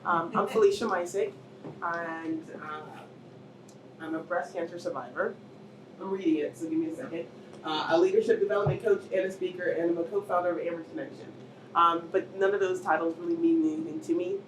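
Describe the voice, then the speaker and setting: A cancer survivor in middle age speaks at a panel in an event hall with a lowish, brisk voice. Her personal testimony is emotional, rising to near shouts and tearful moments before the audience. The recording is roomy, from a distant mic, with faint noise.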